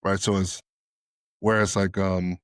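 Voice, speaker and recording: A man co-hosting a podcast in candid casual chat, telling animated stories, acting out both sides of conversations and swearing freely. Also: sits low, a little slow, clean tone, no echo, studio quality. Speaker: podcast co-host.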